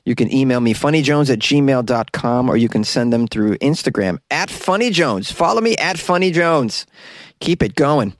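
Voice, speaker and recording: A man's voice: mid-range voice, lively intonation, moderate pace, no echo, studio quality. A man hosting a podcast, riffing on odd news stories in a wisecracking way and chuckling often. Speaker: podcast host. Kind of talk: comedic news commentary.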